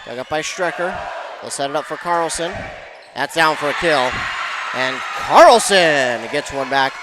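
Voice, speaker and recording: A man giving excitable play-by-play commentary on a high school volleyball match, shouting on big plays. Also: moderate pace, noisy background.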